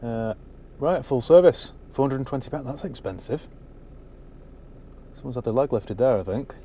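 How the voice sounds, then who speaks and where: A man's voice: medium pitch, lively intonation, normal speed, dark tone, a little hiss or hum. Dry-witted man checking a car. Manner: dry, wry asides. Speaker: used car dealer. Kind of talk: casual walkaround commentary. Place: inside a parked car on a cold day.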